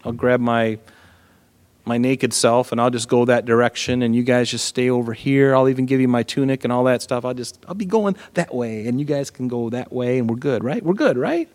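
A man's voice: mid-range voice, fairly quick, darkish tone, in a large hall, lightly acted. A man voicing a captured king who acts cheerfully casual, as if all is forgiven. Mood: breezy. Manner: breezy, overly casual, fishing for reassurance. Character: cheerful sly male captive king playing innocent.

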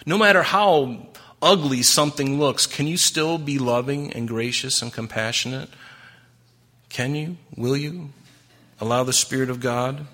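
A man preaching a sermon with a bright, forceful voice. He talks to the congregation in a conversational way and keeps asking them rhetorical questions. He acts out the voices of the people in his stories. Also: medium pitch, a little slow. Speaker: pastor.

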